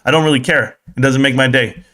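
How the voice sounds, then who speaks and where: A young adult man hosting a casual stock live stream, reading the chat aloud, joking and swearing, swinging from excited shouts to low mutters. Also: quick pace.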